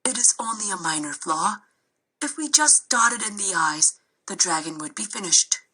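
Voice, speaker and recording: A woman voicing a kinder, calm male servant who speaks gently in a storybook reading. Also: mid-range voice, normal speed, husky, low-quality recording.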